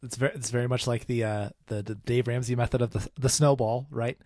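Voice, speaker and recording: A young man co-hosting a casual podcast, musing in rambling, halting sentences before asking a question. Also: mid-range voice, flat delivery, a little mellow, dry recording, clean studio sound. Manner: rambling, halting, many restarts. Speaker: podcast co-host.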